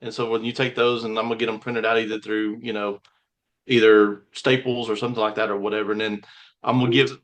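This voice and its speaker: A man's voice: lowish voice, little pitch movement, quick pace, a bit bright. A man on a video call explaining a business idea in a casual, loose way, with fillers and self-corrections.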